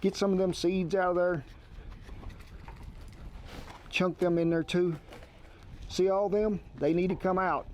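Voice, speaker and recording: A man's voice: high-pitched, flat delivery, unhurried, pauses often, a little mellow, a little hiss or hum. A man giving a cooking demonstration outdoors at a grill in a folksy, homespun way. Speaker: outdoor cook.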